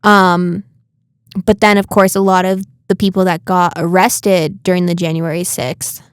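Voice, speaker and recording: A young woman co-hosting a podcast, chatting casually and getting indignant in quick bursts. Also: fairly low pitch, little pitch movement, clear, resonant tone, no room sound, clean studio sound. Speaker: podcast co-host. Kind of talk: casual chat.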